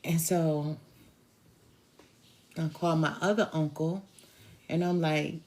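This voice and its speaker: A tarot reader, a woman, tells a personal story to her viewers in a slow, drawn-out conversational way. Her voice sits a little low, with a gravelly fry and a mellow, dark color. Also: steady tone.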